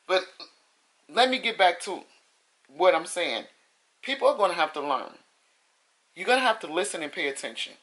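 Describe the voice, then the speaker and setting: A woman's voice: on the low side, lively intonation, normal speed, a bit bright, reverberant, poor audio. A woman vlogger giving casual advice to the camera, emphatic and repeating her points with folksy sayings.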